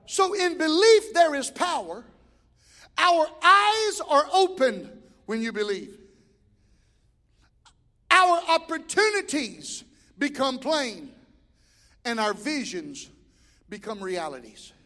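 Middle-aged pastor guy preaching, really high voice, big echo like a church hall, goes loud then quiet. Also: big pitch swings, takes it slowly, long pauses. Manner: swings from shouting to quiet storytelling. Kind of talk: sermon. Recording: long hall reverb.

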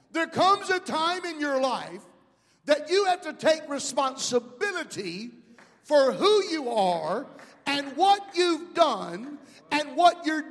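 A middle-aged male pastor preaching a sermon, calling out to the congregation and rising into shouts. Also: extremely high pitch, long reverb tail. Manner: preaching with call-outs to the congregation.

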